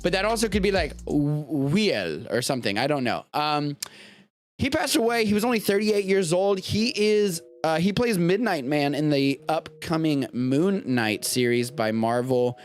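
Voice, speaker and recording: Faint music plays behind a slightly high, unhurried male voice from the United States. He's the host of a live-streamed podcast show, chatting in a loose, rambling, animated way full of jokey asides.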